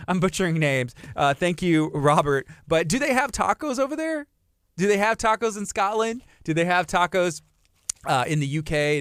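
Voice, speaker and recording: A man's voice: a little high, fairly bright tone, clean tone, no echo. A man from Texas hosting a live radio show in a studio, chatting upbeat and promoting events. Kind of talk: casual live radio chat.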